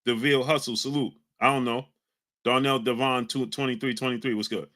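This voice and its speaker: A man's voice: mid-range voice, steady tone, brisk. A man hosting a live stream, reading out chat names and arguing hotly with viewers. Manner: combative, shouts out chat names. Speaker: livestream host reading chat. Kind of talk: heated live-stream talk.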